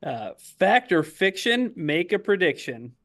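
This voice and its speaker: A man's voice: sits high, big pitch swings, a little slow, a bit bright. A man co-hosting a sports podcast and running a game segment, easygoing with hesitant fillers. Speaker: podcast co-host, game runner. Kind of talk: casual podcast banter.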